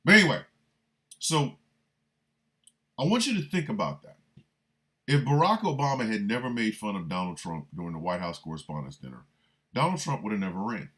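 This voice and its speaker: A man hosting a livestreamed radio talk show, riffing in a loose comic way and shouting out listeners by city. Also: lowish voice, big pitch swings, brisk, long pauses. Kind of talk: livestreamed political comedy talk.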